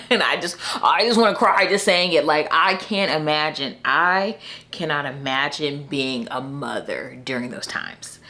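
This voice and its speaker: A young woman chats to her camera about books in a slightly low voice. Her pitch swings widely as she gets excited, and she keeps addressing her viewers directly in a loose, laughing manner. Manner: animated, talks to viewers as y'all, laughs often. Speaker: book vlogger. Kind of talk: casual chat to camera.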